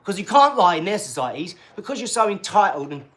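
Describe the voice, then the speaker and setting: A man's voice: high-pitched, sing-song, fast, fairly bright tone. A man, talking casually on a live stream in a rambling, cheeky way and laughing between his remarks.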